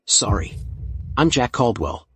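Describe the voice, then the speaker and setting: Single dad in his thirties, earnest, apologetic, sincere, mid-pitched voice. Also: very animated, slow, fairly bright tone, breathy edge, no room sound, exaggerated voice. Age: 30s. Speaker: single father. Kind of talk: dubbed short drama acting.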